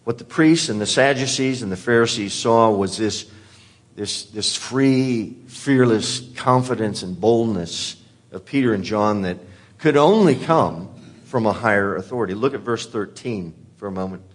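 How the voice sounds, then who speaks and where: Male pastor, sermon delivery, earnest and emphatic, a breathy low voice. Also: normal speed. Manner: earnest preaching with repeated words and restarts.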